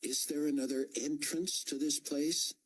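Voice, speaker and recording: A male audiobook narrator voicing a determined young woman undercover, asking calm, probing questions. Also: fairly high pitch, measured pace, breathy edge, pitched above the performer's own voice.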